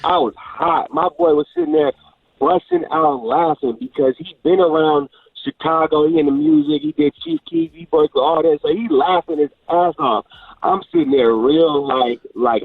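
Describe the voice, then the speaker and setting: A man's voice: fairly high pitch, wildly swooping pitch, moderate pace, vocal fry, husky, dry recording. A caller in his twenties from Oakland, telling a story in a laid-back, slangy way over the phone. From Oakland, California. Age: 20s. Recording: muffled phone line.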